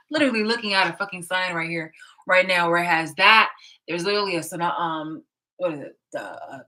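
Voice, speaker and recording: A woman's voice: fairly low pitch, expressive, brisk, sharp tone. A woman vlogger in a casual, profane, exasperated reaction rant, laughing often, filmed indoors. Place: indoor room.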